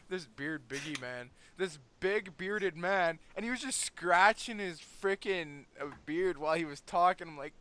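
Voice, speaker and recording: A man co-hosting a casual podcast chat, bantering excitably and swearing. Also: high-pitched, moderate pace, few pauses. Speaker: podcast co-host.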